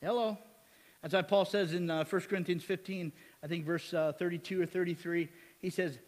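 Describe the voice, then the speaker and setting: A male pastor preaching a sermon in a lively way, asking "amen?" and chuckling with the congregation. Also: sits high, long reverb tail.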